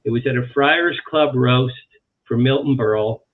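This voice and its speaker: Animated man telling stories over a phone. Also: medium pitch, moderate pace. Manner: animated anecdote-teller, repeats phrases for emphasis. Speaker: author guest. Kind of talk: storytelling in a talk-show interview. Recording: tinny phone-like line.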